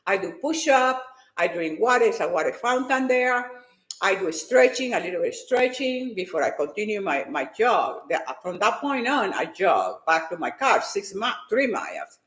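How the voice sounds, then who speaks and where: A woman and fitness competitor giving an emotional, animated personal faith testimony. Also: medium pitch, moderate pace, roomy sound.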